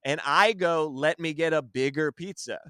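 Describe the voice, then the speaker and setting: A man, a comedian podcast host, in casual chat, telling a story in an animated way and defending his side emphatically. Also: on the high side, normal speed, clear, resonant tone, dry recording, clean studio sound.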